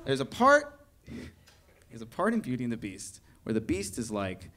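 Animated man doing stand-up. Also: mid-range voice, normal speed. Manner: animated, incredulous, mock-outraged ranting to a crowd. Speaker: stand-up comedian. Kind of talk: stand-up comedy set. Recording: live venue with audible audience laughter. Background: audience laughter.

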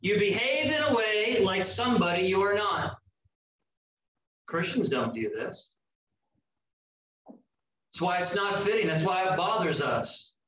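Slow, emphatic preaching man in an echoey room. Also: sits high, animated, a bit bright, slight background noise. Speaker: pastor. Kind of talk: sermon. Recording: echoey room heard from a distance.

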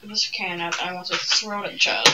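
A woman giving playful let's-play commentary while gaming, taunting the characters with mock rage. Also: mid-range voice. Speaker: gamer playing a video game. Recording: distant mic with loud background noise.

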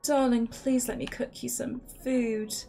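A woman's voice: fairly high pitch, fairly even intonation, measured pace, creaky, dark tone, faint music behind. A woman voicing a lovesick male ex-convict husband with a put-on Irish accent, talking in a dramatic, pleading way.

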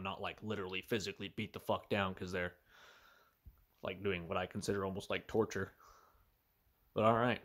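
A man's voice: low-pitched, little pitch movement, normal speed, long pauses, a bit bright. A man vlogging casually into a phone camera, rambling and swearing heavily. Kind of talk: casual vlog talk.

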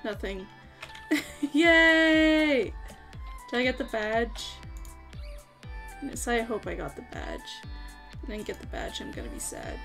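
A young woman chatting casually to her viewers while playing a game on a livestream, giggly and excitable. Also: mid-range voice, normal speed, vocal fry, long pauses, soft background music, low-quality recording. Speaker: gaming livestreamer. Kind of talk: casual livestream chat over gameplay.

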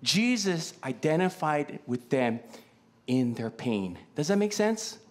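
Pastor, male; animated, very lively pitch, chatty Q-and-A preaching style. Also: slow pace. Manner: conversational, asks the congregation many questions. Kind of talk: sermon. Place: church.

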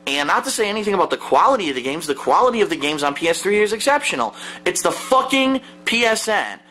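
A man's voice: high voice, sing-song, fast talker, bright, forceful tone, slight background noise, rough recording. A man hosting a gaming video, seated indoors at home and delivering an angry, profane rant to the camera, swearing constantly with a heated, exasperated delivery.

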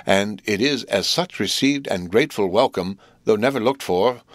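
A kindly, simple blacksmith, as a male audiobook reader puts him on, fumbling for grand words in a rustic country way. His voice is lifted a little from a low natural tone. The recording is dry and close, with no room sound. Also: no room sound, close to an everyday voice. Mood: earnest. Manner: rustic, halting, formal-trying speech. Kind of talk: audiobook reading.

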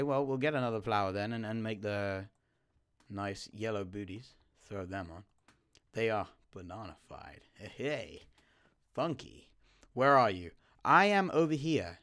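A man giving live gameplay commentary, chatting to his teammate and swinging from quiet mutters to sudden startled yelps. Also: medium pitch. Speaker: gaming YouTuber.

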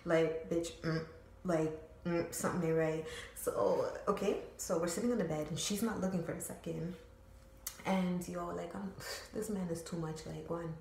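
A young woman tells a story from home in a loose, rambling way. She swears freely and fills her talk with slang. Her voice sits on the low side, and the room gives it a noticeable echo. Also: fairly even intonation, moderate pace, gravelly, darkish tone, a little hiss or hum. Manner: slangy, profane, filler-heavy rambling. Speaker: storytime vlogger. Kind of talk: casual storytelling. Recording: roomy echo.

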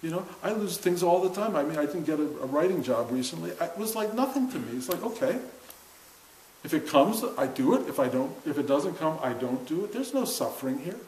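An older man with a slightly high voice, teaching a seated class in an earnest, chatty way and laughing often. His voice rings in a roomy space, with a faint hiss underneath. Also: expressive, a little fast, a little mellow. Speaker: spiritual teacher. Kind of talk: informal spiritual talk to a class. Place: room with a seated audience.

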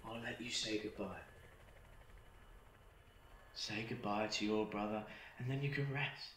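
A man playing a scheming demon that has possessed a young man, menacing and coaxing in a low, hushed voice, in a short film. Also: steady tone, measured pace, a little hiss or hum. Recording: roomy echo from a distance, music behind.

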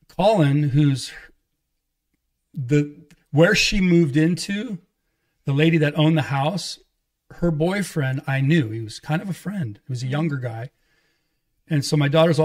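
On a podcast, a pastor with a somewhat high voice and moderate pace recounts his own testimony frankly. The telling is loose and rambling, with restarts and acted-out quotes.

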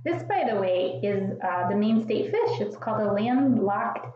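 A woman's voice: medium pitch, animated, measured pace, very echoey, lo-fi sound, a little hiss or hum. A woman hosting a preschool sing-along, singing and making playful animal sounds while she asks young viewers questions.

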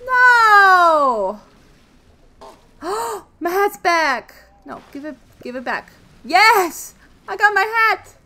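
A woman giving let's play commentary on a game she is playing, excitable, with loud exclamations, gasps and casual swearing. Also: very high-pitched, takes it slowly. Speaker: gaming video creator. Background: faint game music.

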